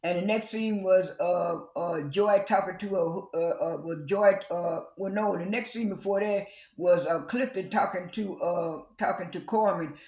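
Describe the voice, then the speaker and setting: A man with a high-pitched voice rambles through a casual reality show recap, stumbling over lots of repeated "and"s and "uh"s. He acts out the quoted arguments with rising emphasis. The sound is roomy and echoey. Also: a little slow, darkish tone. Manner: rambling, many repeated fillers and restarts. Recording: echoey room.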